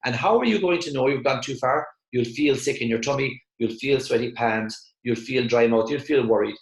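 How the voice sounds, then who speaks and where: A man's voice: medium pitch, moderate pace. A man giving a motivational sales talk in an emphatic, repetitive way, now and then acting out other people's voices. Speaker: motivational speaker. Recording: echoey room.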